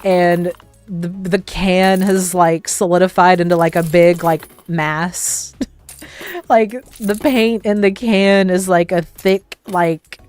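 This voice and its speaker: Young woman, low voice, rambling, filler-heavy, casual storytelling, livestream host. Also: fairly even intonation, takes it slowly, a little mellow, faint music behind. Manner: rambling, full of "like" fillers, laughing often.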